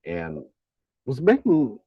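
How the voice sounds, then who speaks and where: A middle-aged man co-hosting a live stream, chatting casually, animated and joking, swearing now and then. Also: mid-range voice, takes it slowly, husky, no room sound, phone-quality sound. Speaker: co-host.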